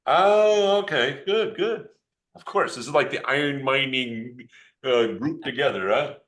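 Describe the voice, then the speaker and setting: A man's voice: mid-range voice, unhurried, fairly bright tone. A man, a geologist, giving a joking, informal live demonstration of an electron microscope over a video call and chatting with a child. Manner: playful, joking, talks to a child.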